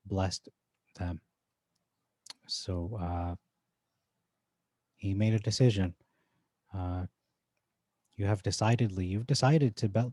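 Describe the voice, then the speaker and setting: Low, mellow-voiced man comparing scripture. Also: no echo. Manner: thinking aloud, with frequent "uh" and restarts. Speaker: Bible teacher. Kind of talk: informal verse-by-verse scripture comparison.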